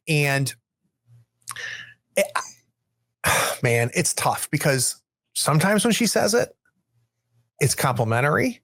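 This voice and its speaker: A man's voice: medium pitch, lively intonation, slow pace, pauses often, fairly bright tone, no echo. Man, in-character game player, rambling and wry, dry close sound. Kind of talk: in-character storytelling game talk.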